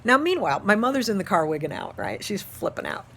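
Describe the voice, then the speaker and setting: An instructor in her fifties, from Ohio, telling a class story with lots of laughter. Her voice is bright and clear, and her pitch swings widely. She tells the story with animated energy. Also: quick pace. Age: 50s. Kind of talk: storytelling lecture.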